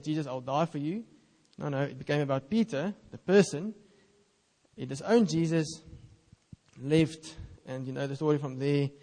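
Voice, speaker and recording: A man's voice: medium pitch, dark tone, in a large hall. A man, an Afrikaans speaker, preaching a sermon in an earnest, conversational way and reading scripture aloud.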